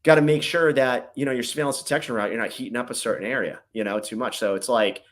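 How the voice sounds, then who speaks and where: A man's voice: medium pitch, fast. A man, a guest on a podcast, explaining his old job in loose, rambling talk that keeps checking in with "right?". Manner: rambling, filler-heavy, keeps adding "right?". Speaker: guest, former intelligence officer. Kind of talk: casual interview chat.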